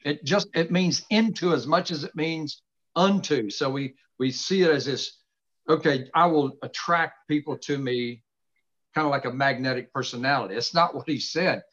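A middle-aged man hosting a casual faith conversation, earnestly expounding scripture with slow, emphatic stresses from his home study. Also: fairly high pitch, a bit bright. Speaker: host. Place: home study with books behind him. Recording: dull lo-fi sound.

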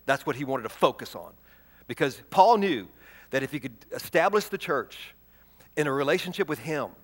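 A man preaching a sermon, reading scripture aloud and stressing key words with repetition, moving between loud proclamation and soft, hushed delivery. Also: a little high, animated, normal speed. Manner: emphatic, repeats key words, swings from loud proclaiming to soft near-whisper.

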